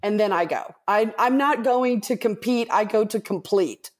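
Podcast guest, woman, animated storyteller who acts out the voices of others. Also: medium pitch, moderate pace. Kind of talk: casual storytelling.

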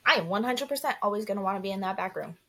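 A woman's voice: medium pitch, expressive, rapid-fire, bright, forceful tone. A young woman co-hosting a podcast, talking candidly and earnestly in casual chat, with frequent restarts and fillers. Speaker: podcast co-host.

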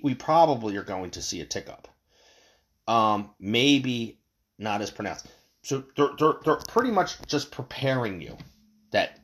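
A man hosts his own show in a loose, heated rant, swearing freely and tripping over repeated words. His voice sits a little low and keeps pushing from one complaint to the next. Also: a bit bright. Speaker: podcast host. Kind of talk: casual opinion rant.

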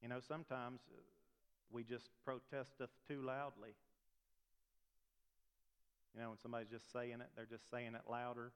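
Pastor preaching in a reverberant hall. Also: male voice, medium pitch, level tone, normal speed, long pauses, clean tone. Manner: conversational preaching, frequent rhetorical questions. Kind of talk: sermon. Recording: long reverb of a large hall.

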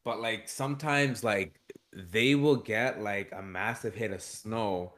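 A young man in casual chat, talking in a relaxed, rambling way full of fillers. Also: lowish voice, takes it slowly, a little hiss or hum.

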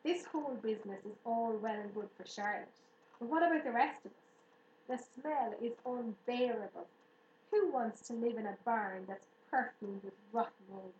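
A woman voicing a young lamb who complains quickly and indignantly. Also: mid-range voice, darkish tone, dull audio, natural voice. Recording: roomy room echo, faint hiss.

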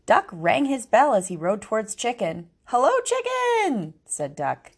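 A woman reading a picture book aloud, expressive, giving each animal its own voice. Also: medium pitch, normal speed, husky. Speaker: storybook reader.

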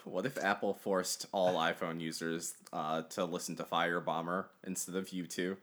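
A man co-hosting a podcast, dropping dry, quick joking asides. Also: deep voice, level tone, a bit bright. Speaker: podcast co-host. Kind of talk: casual chat.

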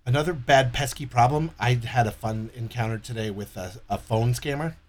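A man in casual podcast chat, cursing freely and telling stories with animated energy. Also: medium pitch, moderate pace. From Los Angeles area. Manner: profane, animated storyteller.

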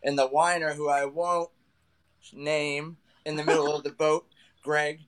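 Laid-back male guest, casual storytelling with trash talk, slightly raised pitch. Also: flat delivery, unhurried, fairly bright tone, smooth. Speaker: guest angler. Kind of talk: casual podcast chat.

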